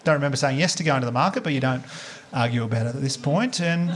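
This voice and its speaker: A man with an Australian accent doing a stand-up comedy set live, telling animated stories and acting out the characters, with plenty of swearing. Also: medium pitch, quick pace, background noise.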